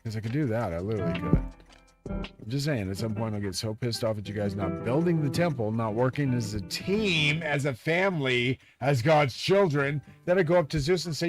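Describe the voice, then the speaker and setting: A slightly high-pitched man with lively intonation and a moderate pace live-streams a ranting monologue aimed squarely at his audience. He's profane, agitated and grandiose, and loud music plays behind him.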